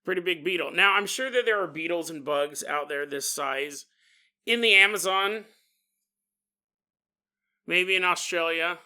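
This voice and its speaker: A man's voice: high-pitched, unhurried, pauses often, bright, forceful tone. A man hosting a podcast, telling a story casually with rambling, joking asides. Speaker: podcast host.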